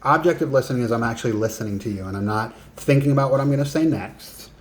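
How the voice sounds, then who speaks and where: A man's voice: mid-range voice, fast talker, a little hiss or hum. A man coaching in a casual, conversational lesson, emphatic and given to joking asides. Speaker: business and life coach.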